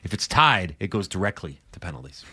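A male radio host in casual sports banter, wry and quick to laugh. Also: low voice, sing-song, pushed and bright, husky, no room sound, studio quality. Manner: wry, laughs between lines. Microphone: close studio mic.

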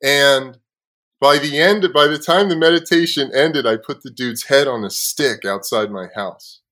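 A man hosting a podcast, telling a story in a casual, profane way with frequent laughs, sometimes dropping low and quiet. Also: measured pace. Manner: swears freely, laughs often. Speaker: podcast host.

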